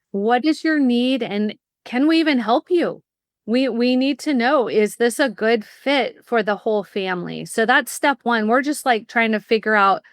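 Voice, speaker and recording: A middle-aged woman speaking as a podcast guest, telling stories with lively energy and explaining her services in bursts. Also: on the high side, no room sound, clean studio sound. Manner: lively storyteller, fast bursts when explaining. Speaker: guest, college admissions consultant. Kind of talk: casual interview chat.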